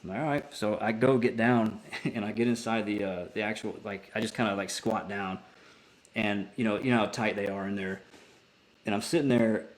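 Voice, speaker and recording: A man with a lowish voice tells a story on a podcast, loose and unpolished. He swears freely and often circles back to restart his sentences, in a casual, conversational way. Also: fairly even intonation, normal speed. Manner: profane, rambling with many restarts. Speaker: podcast guest, military veteran.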